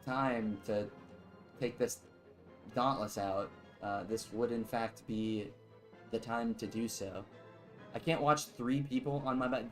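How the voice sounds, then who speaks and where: A man's voice: medium pitch, rough recording. Rambling, joking streamer man. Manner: rambling, joking asides, chats with viewers. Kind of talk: casual live gameplay commentary.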